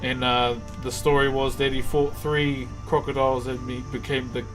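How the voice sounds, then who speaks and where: A relaxed man with a New Zealand accent chats loosely with his stream viewers and calls them brother. His voice sits at an ordinary middle pitch. A little music plays softly behind him. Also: moderate pace. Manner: laid-back, calls viewers brother and bro. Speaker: live streamer and carver. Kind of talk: casual live-stream chat with viewers.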